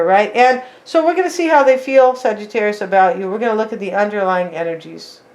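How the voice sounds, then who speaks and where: A woman's voice: medium pitch, a little fast, hardly any pauses. A woman giving a casual tarot reading, chatting straight to her viewers and tagging her lines with "right?" and "like". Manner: talks straight to viewers as "you guys". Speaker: tarot reader.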